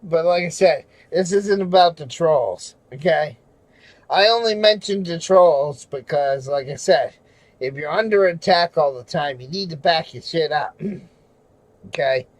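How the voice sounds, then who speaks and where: A man ranting angrily on a livestream from home at night, swearing constantly and shouting. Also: fairly high pitch, a little slow, no room sound, low-quality recording. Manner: furious, profane, shouting. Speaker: livestreamer and auditor. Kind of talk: angry livestream rant.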